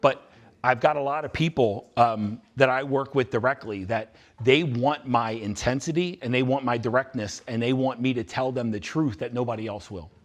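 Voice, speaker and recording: A man's voice: medium pitch, normal speed. A man speaking to a room of students at a youth retreat, blunt and intense, repeating his points for emphasis. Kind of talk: live motivational talk with Q&A. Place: large indoor room with a live audience.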